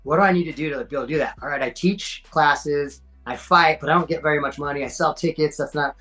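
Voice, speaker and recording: A middle-aged man, a podcast guest telling fight stories in a slangy, animated way. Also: a little high, fast, faint music behind, low-quality recording. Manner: animated, acts out quoted voices, slangy. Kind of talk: casual storytelling.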